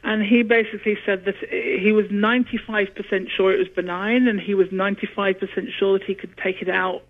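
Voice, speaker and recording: A woman with a British accent, a guest opera singer telling her story in an interview, lively and laughing at times. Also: mid-range voice, fairly quick. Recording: tinny phone line.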